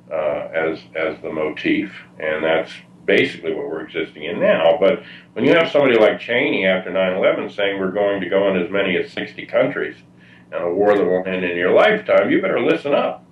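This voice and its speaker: A man speaking as a guest at a public talk, answering at length in a halting way with many fillers and restarts. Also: fairly low pitch. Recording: distant muffled roomy mic.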